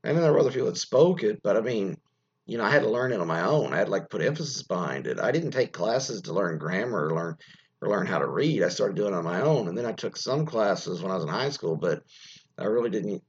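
A man in casual commentary, his voice a bit husky and worn. He rambles with plenty of restarts and opinionated asides. The recording sounds dull and slightly muffled. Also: low voice. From United States. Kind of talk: casual commentary, reading news aloud.

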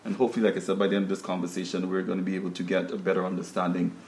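A man's voice: deep voice, flat delivery, very fast, darkish tone, roomy sound. A man with a Guyanese accent hosting a studio panel discussion, talking conversationally with frequent fillers and restarts. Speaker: talk show host.

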